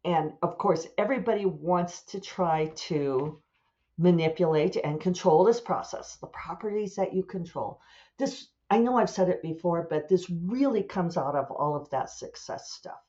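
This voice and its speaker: A woman's voice: fairly low pitch, normal speed, mellow, dull audio. A woman author chatting casually and rambling, amused at her own asides as she thinks aloud. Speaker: author and podcast host. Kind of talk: casual solo chat.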